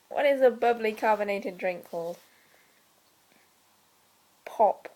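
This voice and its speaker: Slow, deadpan young Welsh woman. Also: mid-range voice, poor audio. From South Wales. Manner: deadpan, dry humour, drops to soft whispered asides. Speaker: vlogger. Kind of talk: casual chat.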